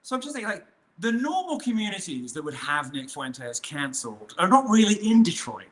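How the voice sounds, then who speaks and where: A man appears as a guest in a casual interview, rambling, restarting often, and leaning on fillers while taking a mocking, provocative stance. His voice sits high and sing-song, with a fairly bright tone at a normal speed.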